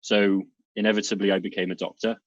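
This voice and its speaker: A man in his thirties from South Wales with a Welsh accent, chatting as an interview guest in a relaxed, rambling way with ums. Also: on the low side, fast talker, no room sound, muffled recording. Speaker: guest, doctor turned nomad. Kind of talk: casual interview chat.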